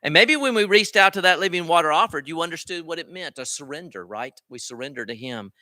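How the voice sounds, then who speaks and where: A man's voice: fairly high pitch, expressive, fast, bright, forceful tone, dry recording. A man preaching a sermon as a pastor, earnest and direct, often asking his listeners rhetorical questions.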